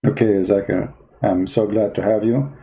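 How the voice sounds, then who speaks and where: A man's voice: on the low side, fairly even intonation, moderate pace, vocal fry, dark tone, poor audio. A man hosting a parody debate, asking sarcastic, mock-innocent questions. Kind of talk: comedy skit.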